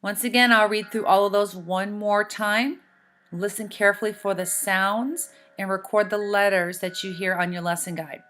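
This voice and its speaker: A woman teacher in a recorded lesson, giving slow, deliberate instructions and spelling out sounds. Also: mid-range voice, steady tone, fairly bright tone.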